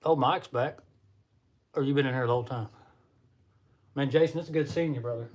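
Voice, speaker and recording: Brisk and a little mellow, a young man's medium-pitched voice carries a Southern American accent as he hosts a chatty, folksy live stream and greets viewers as y'all. His computer or phone mic adds a bit of hiss or hum.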